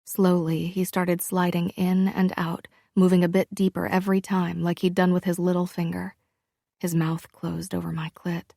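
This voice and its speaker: A woman narrates a first-person romance audiobook, reading slowly and intimately. Her voice is low-pitched with a gravelly rasp. The recording is dry and close. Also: little pitch movement, warm tone, dry recording.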